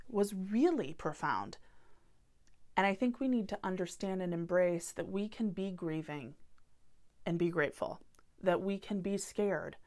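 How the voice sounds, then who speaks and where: On her solo podcast, a woman in her thirties speaks in a lowish, somewhat mellow voice. She talks candidly about hard feelings, earnest, heartfelt and openly vulnerable.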